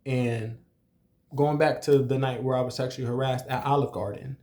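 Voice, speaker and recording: A man's voice: medium pitch, steady tone, normal speed, dark tone. A young adult man who works as a cook, casually telling a personal story in a conversational way, with many "you know" fillers. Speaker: restaurant cook.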